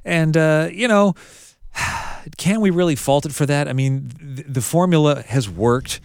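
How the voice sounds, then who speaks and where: A man's voice: fairly high pitch, measured pace, creaky, smooth, no echo, studio quality. A man in a casual film review discussion, easygoing and agreeable, weighing both sides of the point. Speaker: film critic.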